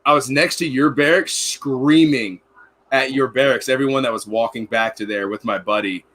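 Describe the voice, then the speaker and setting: A man's voice: medium pitch, normal speed, fairly bright tone. A man in casual podcast chat, rambling through rowdy military anecdotes with lots of swearing and acted-out quotes. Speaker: podcast host.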